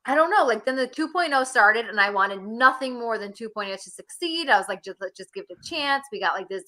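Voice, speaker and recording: A woman in her late twenties, a podcast co-host, chatting casually and giving blunt opinions in an animated, drawling way. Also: on the high side, brisk. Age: 20s. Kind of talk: casual chat.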